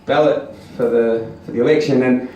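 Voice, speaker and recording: A man's voice: mid-range voice, steady tone, moderate pace, a little mellow, lo-fi sound. A man doing stand-up, rambling through a crude, self-mocking story with many ums and uhs. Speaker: stand-up comedian. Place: small comedy venue, audience laughing. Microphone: far camera. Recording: echoey room, taped from far off.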